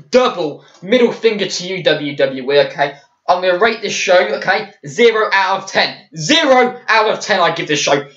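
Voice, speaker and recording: A man's voice: sits high, expressive, normal speed, fairly bright tone. A young man ranting about a show in an angry video review, swearing and restarting his sentences. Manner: heated, swearing, frequent restarts. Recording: echoey room, dull lo-fi mic.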